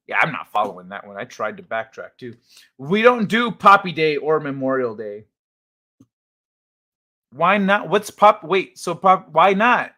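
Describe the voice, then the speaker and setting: With a fairly high, very animated voice and a sharp tone, a man talks a little slowly while hosting a casual home livestream on a desk mic. He reads chat out loud, makes crude jokes and rambles with restarts.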